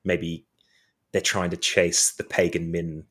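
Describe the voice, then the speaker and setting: Deep-voiced man musing about games. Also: level tone, takes it slowly, a bit bright. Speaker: podcast co-host. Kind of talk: casual gaming podcast chat.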